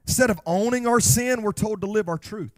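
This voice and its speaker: High-voiced impassioned male preacher. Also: dry recording. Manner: impassioned preaching that swells to shouts and slows on key phrases. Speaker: pastor. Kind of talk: sermon. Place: church.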